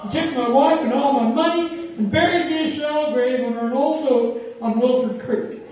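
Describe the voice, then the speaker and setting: A woman's voice: sits high, fairly quick, darkish tone, lightly acted. Woman doing a vengeful male ghost, bitter, accusing, echoey room, far from mic. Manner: accusing, resentful outpouring. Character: bitter murdered man's ghost, angry, accusing.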